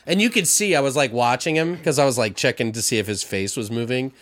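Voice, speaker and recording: A man's voice: medium pitch, fast talker, a bit bright. A man co-hosting a casual podcast, talking over a horror movie, swearing freely and acting out characters. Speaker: podcast co-host.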